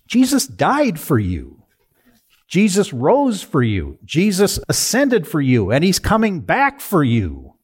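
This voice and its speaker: A male preacher delivers a sermon in a measured, unhurried way. His pitch swings widely and expressively as he poses questions to the congregation and then answers them. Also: husky. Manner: lively preaching, rhetorical questions. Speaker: pastor.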